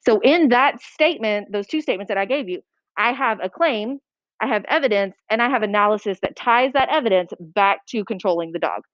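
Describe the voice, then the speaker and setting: A woman teaching a writing lesson to a class, brisk and checking that students follow. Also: fairly high pitch, no room sound. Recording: dull lo-fi classroom recording.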